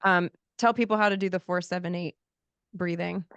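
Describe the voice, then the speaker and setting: Encouraging woman host with a smooth voice. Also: on the low side, fairly even intonation, moderate pace, a bit bright, no echo, highs cut off. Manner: encouraging, backchannels often with "mm-hmm" and "yes". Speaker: podcast host. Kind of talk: interview podcast.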